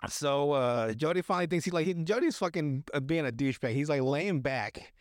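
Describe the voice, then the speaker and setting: A man with a slightly high voice rambles through a movie recap on his podcast, cursing freely and cracking himself up. His voice sits close and dry, with no room sound. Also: lively intonation, brisk, clean tone, no room sound. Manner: profane, laughs often, loose rambling storytelling. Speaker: podcast host. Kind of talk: casual movie recap chat.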